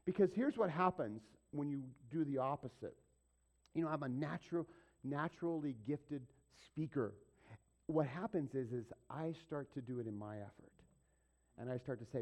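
A man's voice: on the high side, sing-song, normal speed, darkish tone. A middle-aged man preaching a sermon in a conversational way, asking the congregation questions and acting out little asides. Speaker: pastor.

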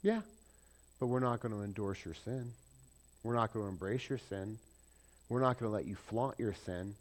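A man preaching a sermon, asking his congregation questions and swinging between loud emphasis and soft asides. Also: on the low side, moderate pace. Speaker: pastor.

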